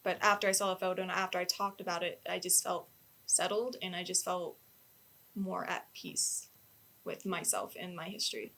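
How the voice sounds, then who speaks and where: A woman on a casual podcast, talking haltingly and filling gaps with "like.". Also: lowish voice, fairly even intonation, vocal fry, sharp tone. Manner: halting, full of "like" fillers. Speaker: podcast co-host, dance company member.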